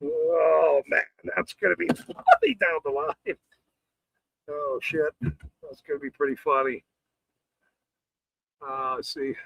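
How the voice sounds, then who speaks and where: A man's voice: on the high side, slow pace, gravelly, long pauses, fairly bright tone, no echo, rough recording. A man hosting a casual livestream, swearing and greeting viewers in chat between bursts of laughter. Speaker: livestream host.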